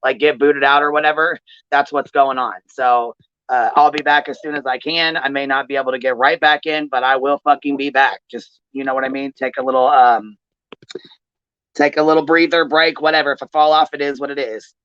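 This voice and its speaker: A woman's voice: extremely low pitch, fairly even intonation, a little fast, a bit bright, clean tone, no room sound. Furious, foul-mouthed woman ranting on stream. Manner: profane, heated ranting. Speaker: livestream commentary host. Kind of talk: angry livestream commentary. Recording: dull, dry lo-fi stream audio.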